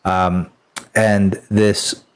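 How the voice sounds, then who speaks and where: A man's voice: on the low side, flat delivery, extremely slow, smooth. A man narrating as game master in a tabletop game, rambling loosely with many fillers and restarts.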